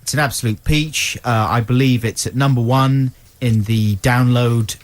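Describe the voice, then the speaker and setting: A middle-aged man co-hosting a comedy radio show, playful and quick to laugh. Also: medium pitch, steady tone. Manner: playful, laughs often, does impressions. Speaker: radio co-host. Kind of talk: comic radio banter.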